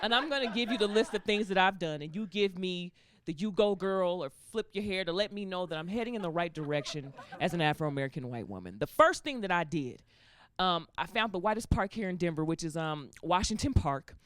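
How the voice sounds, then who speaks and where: A woman comedian performing a stand-up set, with an animated delivery that swoops between character voices. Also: fairly low pitch, a little fast.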